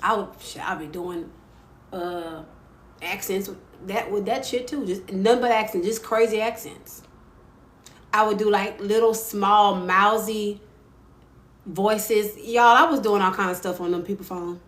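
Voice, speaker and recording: A playful woman chats on a livestream, laughing often and swooping up into squeals when something thrills her. Her voice sits mid-range and sounds roomy, with faint ambient noise behind it. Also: measured pace. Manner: expressive, swoops into high squeals when excited. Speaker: livestream host. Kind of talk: casual livestream chat. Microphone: phone mic.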